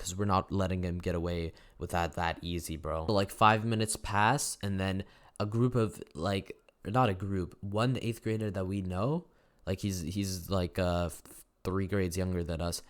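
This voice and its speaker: A teenage guy telling a story in casual, slangy, profane talk, rambling with restarts and yelling out the quotes. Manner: acts out quotes in a loud high yell. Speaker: storytime YouTuber. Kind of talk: casual storytelling over gameplay.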